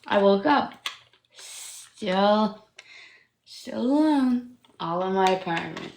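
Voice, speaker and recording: A woman's voice: mid-range voice, steady tone, slow pace, gravelly, reverberant, slight background noise. A young woman in her twenties from Canada, telling a personal story in casual livestream chat, rambling and profane, with constant fillers like "like". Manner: rambling, profane, heavy use of "like".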